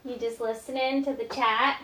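A woman's voice: a little high, fairly even intonation, moderate pace, fairly bright tone, slight background noise. A woman hosting a casual phone livestream, reading viewer comments aloud and chatting, laughing often. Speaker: livestream host.

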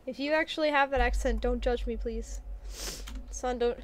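A woman's voice: a little high, moderate pace. A young woman streaming a video game, chatting casually and rambling to her chat with frequent giggles.

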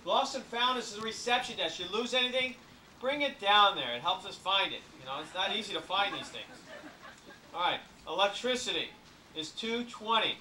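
A man runs a cruise briefing as a comedy routine, slipping deadpan jokes between the rules. His voice is high and bright. It was caught from a distance on a camcorder in an echoey room. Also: moderate pace, a little hiss or hum. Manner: jokey deadpan patter with asides. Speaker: cruise ship entertainer giving a briefing. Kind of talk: comic cruise briefing to an audience. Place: ship lounge.

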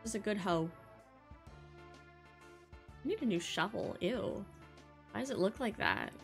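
A young woman hosting a casual let's-play, chatting excitedly and gushing as she plays. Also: mid-range voice, a little slow, gravelly. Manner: bubbly, excitable, gasps and gushes often. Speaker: gaming channel host. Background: faint game music.

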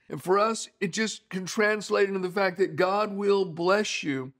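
A man's voice: high-pitched, fairly bright tone. A middle-aged man preaching a sermon, earnest and conversational, telling stories to make his point. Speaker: pastor.

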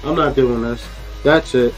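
A man's voice: mid-range voice, fairly even intonation, unhurried, soft background music, poor audio. A man streaming a fighting game, ranting in frustration and repeating himself. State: aggravated. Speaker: gaming streamer. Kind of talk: live gameplay commentary.

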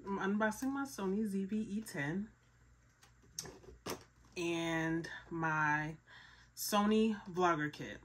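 Excited young woman vlogging an unboxing. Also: fairly low pitch, slow pace, long pauses, slight background noise. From Philadelphia, USA. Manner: excited, breathless, repeats herself. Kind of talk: casual unboxing vlog.

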